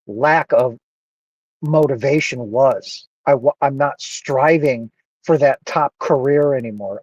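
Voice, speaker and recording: Earnest man with a dark, emotional voice. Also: medium pitch, no room sound, dull audio. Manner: earnest, emotional, repeats himself. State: emotional, close to tears. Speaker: vlogger. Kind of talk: emotional personal monologue.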